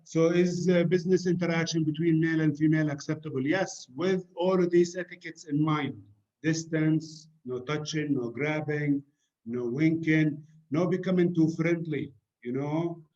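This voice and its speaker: A man from the UAE gives an informal talk on etiquette, chatty and direct, with plenty of fillers and asides. His voice sits fairly high for a man. The recording has a dull, lo-fi sound. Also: moderate pace, a little mellow. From United Arab Emirates. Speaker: cultural etiquette speaker.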